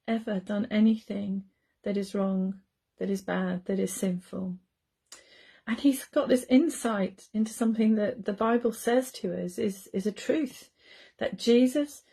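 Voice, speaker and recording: A woman with an English accent gives a gentle, heartfelt Good Friday reflection. Her voice is husky and gravelly, with a mellow, slightly raised pitch. She speaks conversationally, like a minister talking to her congregation. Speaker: church minister.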